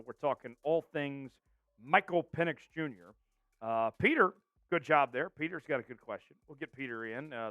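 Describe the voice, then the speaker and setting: A man's voice: medium pitch, a bit bright, smooth, no room sound, dull audio. A man hosting a live sports show, talking energetically and calling out viewers from the chat. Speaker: show host.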